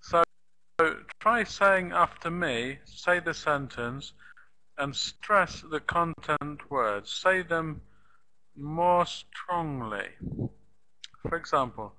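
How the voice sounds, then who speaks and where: A man teaching a beginner English lesson, repeating example sentences slowly and tapping out rhythm with "da da da". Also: a little high, animated, sharp tone, low-quality recording. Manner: slow, deliberate, repeats sentences for learners; claps out rhythm with "da da da". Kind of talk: live online language lesson.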